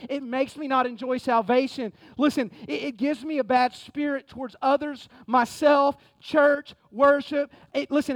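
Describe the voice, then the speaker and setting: High-voiced energetic pastor preaching. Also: male voice, no room sound. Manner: energetic, conversational preaching with frequent "man". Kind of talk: sermon. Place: church sanctuary.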